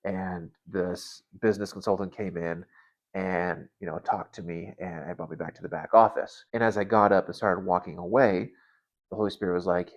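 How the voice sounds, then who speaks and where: A man in his thirties sharing a personal faith story in an earnest, halting way, often restarting his words. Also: low voice, steady tone, highs cut off. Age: 30s. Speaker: Christian vlogger.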